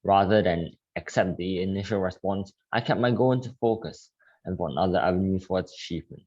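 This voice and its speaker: A man reading a passage aloud in a steady, measured way. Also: low-pitched, dull audio. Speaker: reader.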